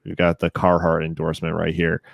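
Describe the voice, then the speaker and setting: A young man with a very deep voice hosts a laid-back stock-market livestream, joking and laughing easily. The sound is close and dry, with no room echo. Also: monotone, fairly quick, vocal fry. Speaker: show host.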